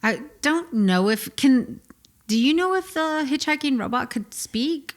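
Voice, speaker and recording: A woman's voice: high-pitched, lively intonation, unhurried. A woman co-hosting a comedy podcast, chatting casually with brief, dry quips and questions. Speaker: podcast co-host.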